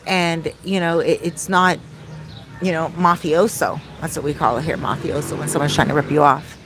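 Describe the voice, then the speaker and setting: A woman's voice: low voice, steady tone, normal speed, background noise. A middle-aged woman, a life coach, chatting casually to camera in a Q&A vlog and wandering off topic as she talks straight to her viewers. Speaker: soul coach hosting a Q&A vlog.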